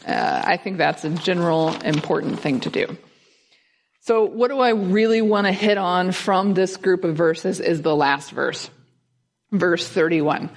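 A woman giving a conversational sermon, teaching through a passage and asking her listeners questions. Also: medium pitch. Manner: conversational, asks the audience questions. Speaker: guest speaker.

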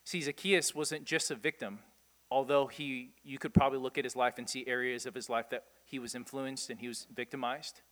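A man preaching a sermon, animated, asking his listeners rhetorical questions and chuckling often. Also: medium pitch, brisk, in a large hall. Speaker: pastor.

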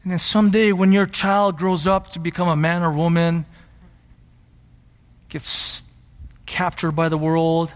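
Man, pastor, sermon, earnest and emphatic, high-pitched, church hall echo. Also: level tone, a little slow, pauses often. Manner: earnest teaching, rising to emphatic passion. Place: church sanctuary. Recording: long hall reverb.

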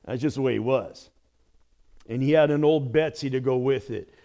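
Animated preaching man. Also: mid-range voice, moderate pace. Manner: animated preaching, swinging from loud exclamations to hushed asides. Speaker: pastor. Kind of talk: sermon.

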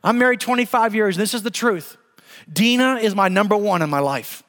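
Pastor guy in his 40s preaching, high voice, lively storytelling, big reverby hall. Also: a little fast. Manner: storytelling, emphatic, with laughs. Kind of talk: sermon.

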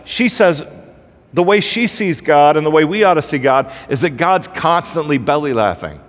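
A man's voice: a little high, expressive, normal speed. A male pastor giving a sermon, telling humorous stories in a casual, conversational way. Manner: casual storytelling, humorous, heavy use of "like". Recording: long hall reverb.

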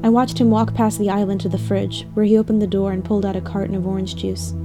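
A woman's voice: medium pitch, little pitch movement, quick pace. Woman reading a dramatic story over music. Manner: emotional, dramatic delivery. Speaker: narrator. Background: music bed.

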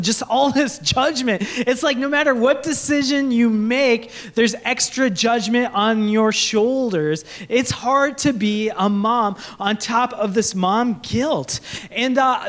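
A man's voice: extremely high pitch, a little slow, a bit bright. A young man, a pastor, preaching a sermon to a congregation and slipping into jokey put-on voices when he quotes people. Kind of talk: sermon with comic bits. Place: church stage before a congregation.

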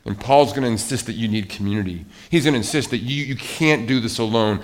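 A male pastor preaching a sermon in an animated way, rising to emphatic outbursts and dropping back down. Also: mid-range voice, fairly quick, hardly any pauses.

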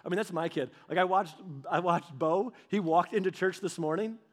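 A man's voice: high-pitched, moderate pace. A man in his thirties, a pastor, giving a casual storytelling sermon and acting out the voices of the people in his stories. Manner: animated, acts out quoted voices; conversational, with filler "like" and restarts.

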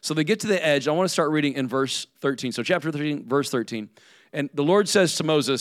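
A man's voice: on the high side, lively intonation, a little fast, no room sound, studio quality. A man preaching a sermon as pastor in a conversational way, often checking in with "right?".

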